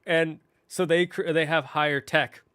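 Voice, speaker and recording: A man's voice: fairly high pitch, fairly even intonation, measured pace, sharp tone, clean tone, no room sound, studio quality. A young adult man hosting a gaming channel, casually recapping a story in a rambling, self-correcting way with plenty of restarts and fillers. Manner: emotional, tearing up.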